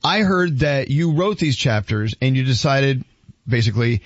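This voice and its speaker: A man's voice: medium pitch, moderate pace, no echo, muffled recording. A man hosting a radio interview who asks probing questions with a playful streak. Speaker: radio host.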